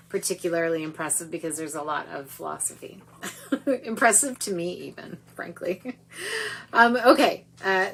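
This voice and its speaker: A woman's voice: lowish voice, slight background noise, low-quality recording. A woman author speaking at home over a video stream, chatty and self-deprecating, filling her talk with ums and small laughs. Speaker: author giving a reading. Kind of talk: casual talk at a livestreamed book reading.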